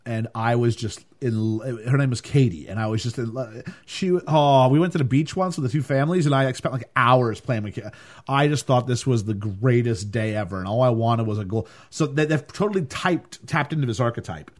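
A man co-hosting a casual film podcast, animated and acting out lines from the movie as he recaps it. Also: medium pitch, brisk. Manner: animated, acts out quotes, laughs often. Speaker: podcast co-host reviewing a film. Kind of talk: casual chat.

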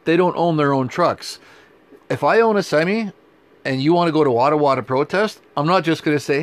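A man's voice: a little high, brisk. Emphatic, sarcastic male political talk host. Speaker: podcast co-host.

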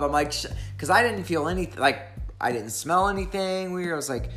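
Woman, casual chat storyteller, rambling and lively when acting out scenes. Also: on the low side, moderate pace, soft background music.

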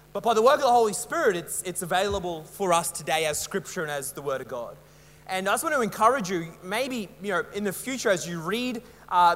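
A man's voice: high-pitched, fairly bright tone, long reverb tail. A young Australian man preaching a sermon in a chatty, rambling, self-mocking way, full of fillers. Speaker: pastor. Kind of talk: casual storytelling sermon.

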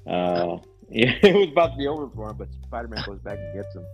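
A man's voice: fairly low pitch, very animated, brisk, darkish tone, faint music behind. A man hosting a casual podcast chat, rambling with lots of fillers. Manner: rambling, laid-back, frequent fillers. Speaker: podcast host.

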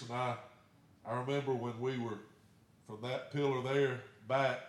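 A man's voice: medium pitch, fairly even intonation, a little slow. Man, pastor, sermon storytelling, folksy, echoey church. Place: church sanctuary.

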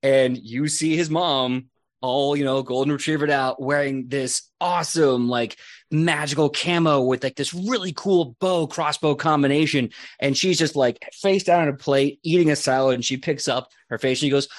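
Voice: mid-range voice, normal speed, no echo. Loose, rambling game master narrating scenes, dry recording. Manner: loose, rambling description with many fillers.

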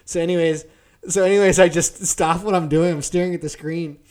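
Animated, profane man telling a story. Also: a little high, fairly quick. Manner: profane, animated storyteller who acts out quotes. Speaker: podcast co-host. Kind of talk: casual storytelling chat.

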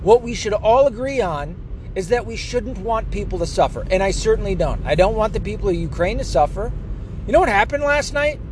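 High-pitched man, profane heated rant, sarcastic, faint background hiss. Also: expressive, brisk. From United States.

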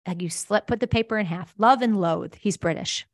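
A woman's voice: mid-range voice, moderate pace, no room sound, clean studio sound. A middle-aged woman, a company founder, answering interview questions enthusiastically and acting out the voices she quotes. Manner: enthusiastic, acts out quoted voices, laughs easily. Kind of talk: animated conversational interview answer.

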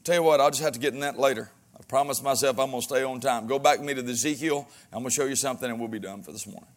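A man preaching a sermon as pastor, with folksy humor and frequent amens, swinging between loud exhortation and quiet asides. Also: mid-range voice, very fast.

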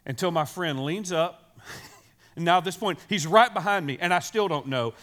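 In a slightly high, fairly bright voice at normal speed, a male pastor preaches in a chatty, storytelling style. He frequently asks "right?" to check in with listeners and addresses the kids in the congregation.

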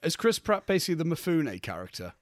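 A man's voice: a little high, very animated, fast, dry recording, studio quality. A young man co-hosting a casual film podcast, swearing freely and laughing as he talks. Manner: swearing, laughing, acting out characters' lines. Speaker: podcast co-host.

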